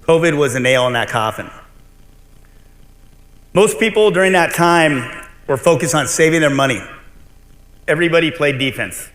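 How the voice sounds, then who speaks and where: A man's voice: on the high side, expressive, moderate pace, pauses often, a bit bright. A middle-aged man giving a conference keynote as a restaurant owner, telling his story bluntly and animatedly, with some swearing. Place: large convention hall. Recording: long hall reverb.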